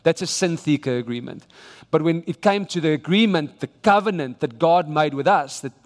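A man's voice: on the high side, lively intonation, moderate pace. South African man preaching in an echoing hall. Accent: South African English. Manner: emphatic, exhorting delivery with frequent restarts. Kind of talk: sermon. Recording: long reverb of a large church hall.

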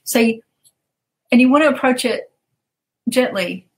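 A woman's voice: on the high side, a little slow, poor audio. A woman coach telling stories in a casual interview, animatedly acting out the people she quotes and laughing often.

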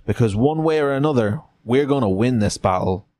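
A calm, persuasive Confederate officer with a soft, slow Southern drawl, as a man puts him on. He coaxes rather than barks. It's a character voice in a gamebook read-aloud. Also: mid-range voice, no room sound, close to an everyday voice. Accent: Southern US, put on.

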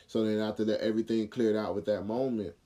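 Low, mellow-voiced man telling a story. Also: fast. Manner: animated retelling with acted quotes and filler words. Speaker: podcast host. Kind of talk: casual storytelling monologue.

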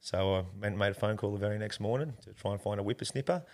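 A man's voice: fairly low pitch, racing, a little mellow. An Australian man being interviewed, telling a long personal story in a rambling, earnest way and calling the host mate. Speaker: interview guest.

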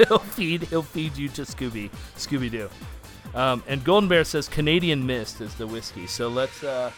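Man, podcast host, casual chat, animated, laughs often, faint music behind. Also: medium pitch, normal speed. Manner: animated, frequent restarts and laughter.

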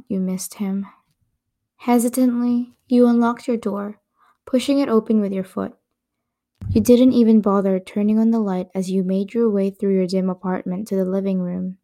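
A woman reads fan fiction aloud for her podcast in a soft, intimate storytelling voice that drops at times to a whisper. Her tone is mellow and dark with a gravelly, creaky edge. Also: mid-range voice. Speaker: podcast host.

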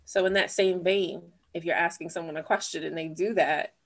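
A woman's voice: fairly low pitch, fairly even intonation, brisk. A woman co-hosting a podcast in casual chat, thoughtful and rambling, often questioning herself. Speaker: podcast co-host.

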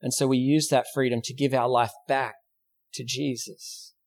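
A man's voice: medium pitch, flat delivery, normal speed. A male pastor with an Australian accent, preaching a sermon in a church, telling a story and posing rhetorical questions. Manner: storytelling preacher, acts out quoted voices.

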